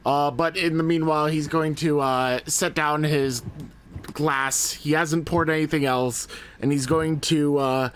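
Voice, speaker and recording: A man's voice: fairly high pitch, steady tone, unhurried, a little hiss or hum. A man playing a tabletop game, describing his character's actions in a rambling, wry, self-mocking way. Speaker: player. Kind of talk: casual tabletop game chat.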